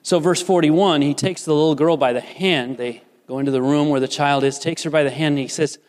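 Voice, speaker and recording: Preacher with hall reverb. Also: male voice, brisk, few pauses. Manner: dramatic swings between rising emphasis and hushed low asides. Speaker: pastor. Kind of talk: sermon.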